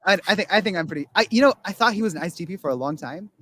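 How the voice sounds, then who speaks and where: A man's voice: sits high, lively intonation, racing, sharp tone. A man talking casually on a podcast, rambling with many restarts and acting out quotes of other people. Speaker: guest.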